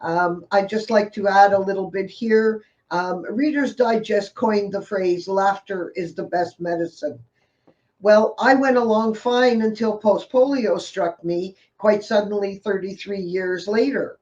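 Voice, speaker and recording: A woman's voice: medium pitch, measured pace, darkish tone. Distant, dull-sounding woman host. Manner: wry, rhetorical. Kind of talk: talk show monologue.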